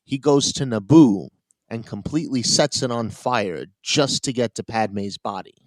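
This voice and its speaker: A man's voice: mid-range voice, a little slow, no room sound, low-quality recording. A man co-hosting a podcast, chatting casually and rambling, often laughing at his own points. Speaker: podcast co-host. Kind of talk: casual chat.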